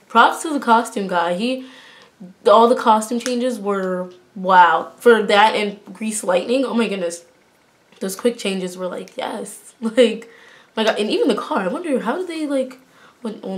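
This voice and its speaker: A woman's voice: medium pitch, unhurried. Bubbly young woman gushing in a vlog. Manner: gushing and bubbly, many fillers like "oh my goodness"; self-described sarcastic. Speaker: vlogger. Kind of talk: excited casual review vlog.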